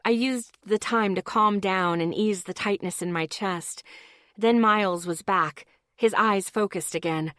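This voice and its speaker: A woman reading a first-person audiobook, her telling blunt, tense and sprinkled with swearing. Her voice sits at a middle pitch. The recording is dry, with no room sound. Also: measured pace, fairly bright tone, no room sound. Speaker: audiobook narrator.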